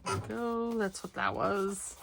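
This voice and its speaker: Speaking in a mid-range, level, unhurried voice with a gravelly edge, a middle-aged woman hosts a crafting vlog. She chats casually and self-deprecatingly, talking to herself as she cuts, sews and inks, and there's a little hiss or hum.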